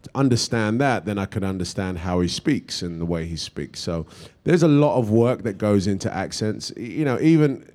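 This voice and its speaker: A middle-aged British man, an actor, answering audience questions in a relaxed, rambling way with many restarts and fillers. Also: fairly low pitch, moderate pace. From England. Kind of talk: casual Q&A answers.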